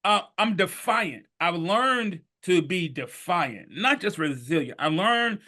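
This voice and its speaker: A man in his fifties with a bright, slightly high voice tells his story as a podcast guest. He talks in an animated, emphatic way that swings between low, hushed stretches and loud bursts. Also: slow. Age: 50s. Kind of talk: storytelling in conversation.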